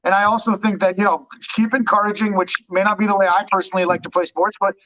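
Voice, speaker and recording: A man in a casual sports podcast chat, talking quickly and thinking aloud with restarts. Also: sits high, flat delivery, pushed and bright, no echo, dull audio.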